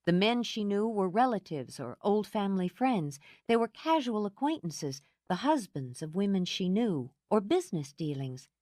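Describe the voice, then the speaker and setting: Ekspresyjna lektorka, suche studyjne nagranie. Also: female voice, mid-range voice, sing-song, moderate pace, few pauses, dark tone, dry recording, clean studio sound. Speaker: audiobook narrator. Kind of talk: scripted narration.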